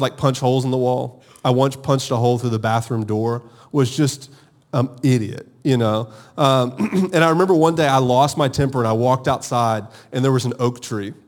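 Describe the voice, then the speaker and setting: A married man preaching a sermon with energy, calling on his congregation to answer back. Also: mid-range voice. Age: adult, married. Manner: energetic, calls for audience responses. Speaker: pastor.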